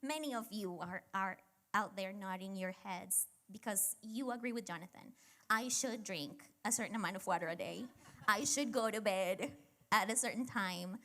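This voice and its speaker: A woman's voice: mid-range voice, moderate pace, bright, forceful tone. A woman in her thirties hosting a casual faith talk, chatty and reflective, with many fillers. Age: 30s. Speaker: church women's talk host.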